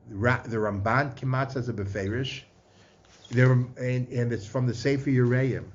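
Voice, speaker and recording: A man in giving a Torah lecture, chanting verses and weaving Hebrew terms into his talk. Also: mid-range voice. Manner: mixes Hebrew and Yiddish-inflected terms into English, chanting verses. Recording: slightly muffled with faint background noise.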